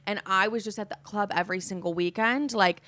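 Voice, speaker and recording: A woman in her twenties hosting a podcast, casually telling candid stories with frequent swearing and animated retellings. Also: medium pitch, fairly quick. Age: 20s. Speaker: podcast host. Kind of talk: casual storytelling chat.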